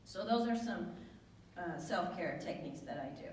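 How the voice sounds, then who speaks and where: A woman speaking at a spiritual center, telling a lively personal story and acting out the dialogue in a raised voice. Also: moderate pace, slight background noise. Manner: animated storyteller, acts out quoted dialogue in a higher voice. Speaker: guest speaker. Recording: echoey hall from far off.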